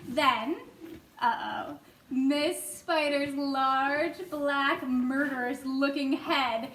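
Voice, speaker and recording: A woman reading a children's book aloud at storytime, playful and animated, laughing now and then. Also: high-pitched, measured pace. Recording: echoey room with faint ambient noise.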